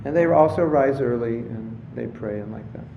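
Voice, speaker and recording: A spiritual teacher gives a casual talk to an audience, telling jokes and stories and briefly acting out voices in his anecdotes. His mid-range voice has vocal fry and a moderate pace, on a roomy, slightly dull lecture recording with background noise.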